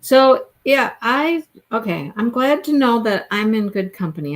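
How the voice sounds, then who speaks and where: A woman's voice: on the high side, lively intonation, unhurried. A middle-aged woman hosting a crochet livestream, chatting in a rambling way and laughing often as she works. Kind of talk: casual livestream chat while crocheting. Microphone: phone.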